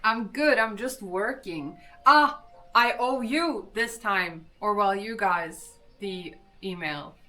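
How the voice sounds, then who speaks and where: A woman's voice: medium pitch, slow pace, bright, forceful tone. A young woman from Gothenburg, Sweden, chatting casually with her stream viewers and answering chat. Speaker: livestreamer. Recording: distant mic with faint music.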